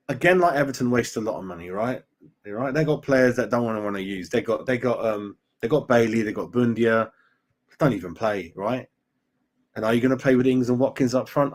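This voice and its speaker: On a casual fan live stream, a middle-aged man reads viewer comments and shares strong opinions, finishing lines with "mate" and "right?". His voice is medium-pitched and expressive, at a moderate pace.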